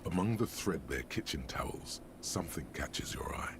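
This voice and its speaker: A man voicing a video game's wry, ominous inner-voice narrator, speaking in a measured, half-whispered way. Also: a bass voice, expressive. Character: the detective's brooding inner voice, male, wry and ominous. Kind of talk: scripted video game narration. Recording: game audio with noisy ambience.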